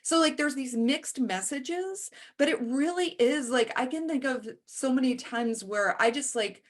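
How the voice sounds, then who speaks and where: A woman's voice: high-pitched, a little slow. A woman speaking candidly as a panelist in a panel discussion, telling stories and shifting into voices for the people she quotes. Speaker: panelist and author.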